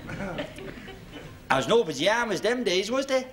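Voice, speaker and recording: A man's voice: sits high, very animated, slow, a bit bright. A man doing a stand-up routine, reminiscing and throwing tag questions at the audience. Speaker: stand-up comedian. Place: working men's club stage. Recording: 1970s TV club recording, noisy with audience laughter.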